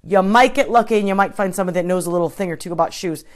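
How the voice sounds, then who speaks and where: A woman's voice: on the low side, racing. A woman coach giving an informal live-streamed talk, chatty, with many restarts and asides to her viewers. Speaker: triathlon coach.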